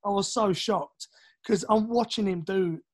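A middle-aged man from East London with a London accent, telling anecdotes as a podcast guest, animated and acting out the voices of people in his stories. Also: high-pitched, measured pace, breathy edge. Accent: London English. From East London, England. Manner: animated, acts out quoted voices, swears casually. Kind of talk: casual storytelling.

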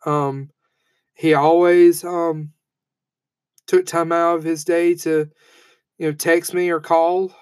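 A man in his thirties delivers a heartfelt eulogy in a fairly high voice. He speaks haltingly, with many fillers and false starts, and the sound is dry and close. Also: level tone, a little mellow, clean tone, no room sound. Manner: halting, with frequent fillers and restarts; heartfelt and emotional. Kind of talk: personal eulogy speech.

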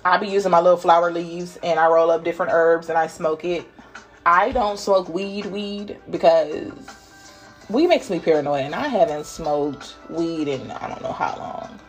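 A woman giving a casual spiritual reading, playful and laughing, dropping to whispers and jumping to loud bursts. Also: lowish voice, normal speed, soft background music. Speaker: spiritual reader channeling messages. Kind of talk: casual intuitive reading monologue.

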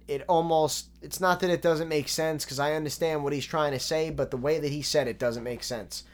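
A man talks through rap lyrics in a relaxed, analytical way, dropping fillers as he goes. His voice is clean and smooth and sits slightly high for a man. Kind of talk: casual breakdown commentary.

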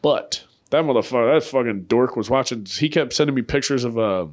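A man's voice: medium pitch, a little fast. A young man hosting a comedy podcast, rambling in crude, profane bursts and laughing often at his own jokes. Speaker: podcast host.

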